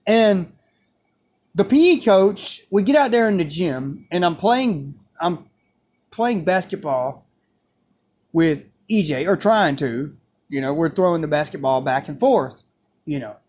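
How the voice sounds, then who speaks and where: A man's voice: a little high, measured pace. A man telling a story in a casual, profane way, repeating phrases as he goes. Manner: animated, profane, repeats himself.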